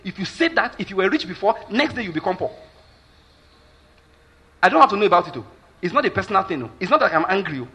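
Husky Nigerian man preaching a sermon. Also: high voice, very animated, fast, pauses often, sharp tone. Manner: emphatic, keeps asking the listeners if they follow. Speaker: pastor.

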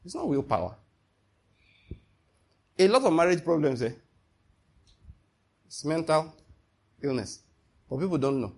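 A man preaching a sermon, animated and emphatic, asking his listeners one rhetorical question after another. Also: fairly high pitch, unhurried, pauses often, husky.

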